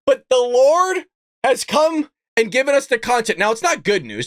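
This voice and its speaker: A man hosting a political commentary livestream, mocking and excitable, often laughing and cursing in disbelief. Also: extremely high pitch, moderate pace, dry recording, studio quality. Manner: mocking, excitable, repeats lines. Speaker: show host.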